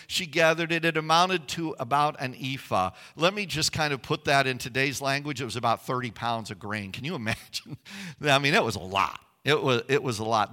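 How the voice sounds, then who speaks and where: A man preaching a sermon, telling stories with swings from hushed tones to loud, emphatic passages. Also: mid-range voice, in a large hall. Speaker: pastor.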